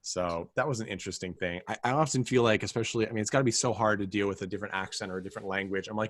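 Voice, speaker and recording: Talking very fast in a lowish, steady, slightly bright voice, this film podcast co-host keeps the review chat casual. He wanders off track, cuts himself off to start over frequently, and drops wry remarks.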